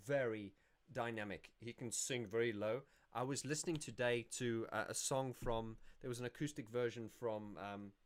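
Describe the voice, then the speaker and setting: A man hosting a casual livestream, answering viewer questions in a rambling, self-correcting way. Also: mid-range voice. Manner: rambling and self-correcting, sings snippets to illustrate.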